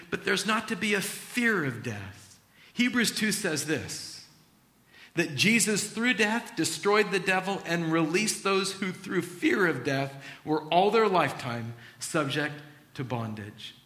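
A man preaching a sermon as pastor, acting out Bible scenes in an animated, storytelling way. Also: high voice, reverberant.

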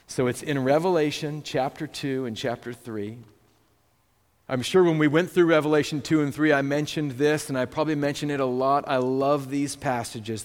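Pastor, man, conversational sermon delivery with slow scripture reading, in a reverberant church hall. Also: mid-range voice. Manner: conversational storytelling, scripture read slowly. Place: church sanctuary.

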